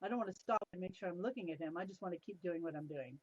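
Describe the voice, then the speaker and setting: Her voice is lowish and breathy-edged, and she races through her words. This middle-aged woman is being interviewed on a video call, telling lively anecdotes, laughing a lot, and acting out the people in them. The recording is dull, dry lo-fi call audio.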